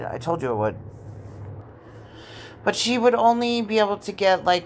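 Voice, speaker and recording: Low-voiced, foul-mouthed woman vlogger. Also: a little hiss or hum. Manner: blunt, swearing, animated storyteller. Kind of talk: casual storytelling vlog.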